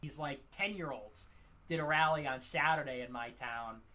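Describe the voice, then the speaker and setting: A man rambling through a monologue, halting with fillers and restarts. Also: mid-range voice, sharp tone, a little hiss or hum. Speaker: livestream commentator.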